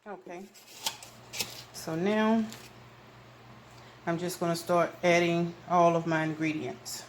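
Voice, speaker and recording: A woman's voice: fairly low pitch, slow pace. A woman, chatting folksily to viewers as she demonstrates a recipe in her small home kitchen, filming it herself. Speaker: cooking channel host. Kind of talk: casual cooking demonstration. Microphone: camera mic, filming alone. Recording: echoey kitchen with background noise.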